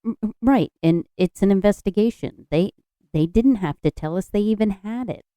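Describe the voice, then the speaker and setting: Woman, podcast co-host, very dark tone, smooth, chatty, dry sound. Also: mid-range voice, no room sound. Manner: chatty, quick to laugh and chime in. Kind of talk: casual chat.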